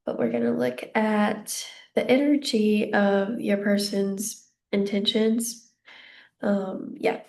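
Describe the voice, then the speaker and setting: Slow, gravelly-voiced woman reading tarot. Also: medium pitch, lively intonation. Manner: gentle, reassuring, meandering with fillers. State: slightly out of breath. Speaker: tarot card reader. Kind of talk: casual psychic reading to camera.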